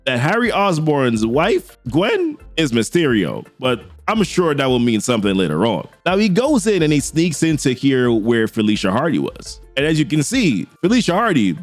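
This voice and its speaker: A man's voice: medium pitch, huge pitch swings, normal speed, hardly any pauses, soft background music. A man recapping a comic book in a casual, enthusiastic, chatty way.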